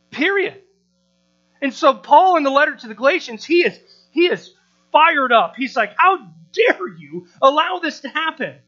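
Animated preaching man, lo-fi hum. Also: very high voice. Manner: animated, repeats words, rhetorical questions. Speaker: pastor. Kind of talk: sermon. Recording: dull lo-fi sound with mains hum.

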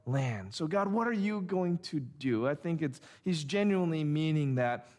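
A middle-aged man delivers a sermon in a slightly high voice. He reads scripture aloud and then explains it with emphatic, rhythmic repetition. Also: lively intonation, normal speed, darkish tone. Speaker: pastor.

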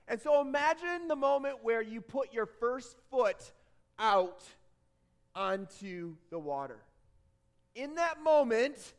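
A man preaching a sermon, telling a story dramatically, dropping to a hush and rising to shouts. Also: sits high. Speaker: pastor.

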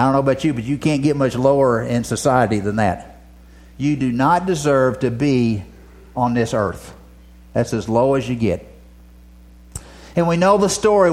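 A man preaching a sermon, telling stories dramatically and dropping from loud passages to a near whisper. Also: sits high.

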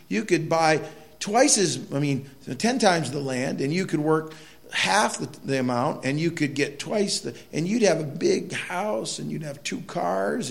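A middle-aged male pastor preaching with a gravelly edge to his voice. He talks in a loose, conversational way, spinning folksy stories and dropping asides as he goes. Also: a little high. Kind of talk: sermon.

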